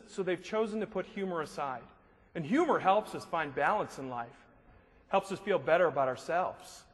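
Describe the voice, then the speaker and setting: Talking a little fast in a high voice, a motivational speaker entertains a live audience in a large hall with jokes and lively stories. Long reverb from the hall and faint noise come through in the recording.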